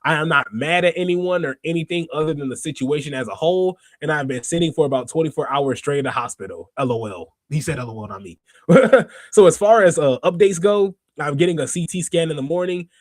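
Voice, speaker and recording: A young man hosts a wrestling podcast live, and his voice sits a bit high for a man. He rants in an animated, heated way and breaks into frequent laughs. The sound is close and dry, with no room echo. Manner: animated, ranting, laughs often. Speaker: podcast host. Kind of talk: casual livestream commentary.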